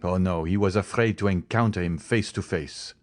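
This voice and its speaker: A hot-headed young nobleman spits out clipped, indignant threats, as a man reads him. The voice sits low and the sound is close and dry. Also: normal speed, no room sound, close to an everyday voice. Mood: vengeful.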